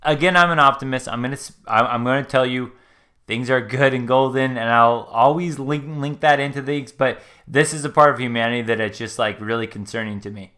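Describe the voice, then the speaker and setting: Bright-voiced man giving rambling commentary. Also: mid-range voice, fairly quick. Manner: rambling, earnest, opinionated, trails off into sighs. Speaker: live stream host reacting to a video. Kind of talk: casual commentary.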